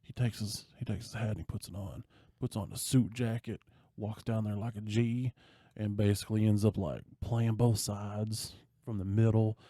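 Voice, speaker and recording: A man with a low, mellow voice retells a movie plot on a podcast in casual chat. He is animated, slipping into the characters' lines as he goes. The sound is dry and close to the mic. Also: normal speed, no echo. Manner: animated storyteller, acting out quoted lines. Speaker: podcast co-host.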